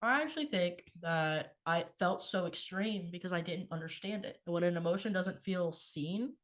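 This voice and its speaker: A woman's voice: on the low side, normal speed. A woman co-hosting a podcast, talking casually about feelings with lots of fillers and the odd swear word. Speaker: podcast co-host. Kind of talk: casual spiritual chat.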